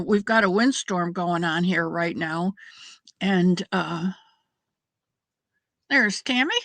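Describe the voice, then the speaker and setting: A middle-aged woman chats with her viewers during a crafting stream, rambling and greeting people by name. Her voice is bright and lively at a middle pitch. The sound is close and dry, with no room echo. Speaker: crafting livestream host. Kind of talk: casual chat with live viewers.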